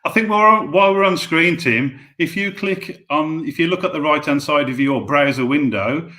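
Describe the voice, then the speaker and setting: A man's voice: fairly high pitch, normal speed, bright, forceful tone. A man with a Black Country accent, hosting a live stream and making friendly announcements and thank-yous on a video call. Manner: friendly, thanks people at length. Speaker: host.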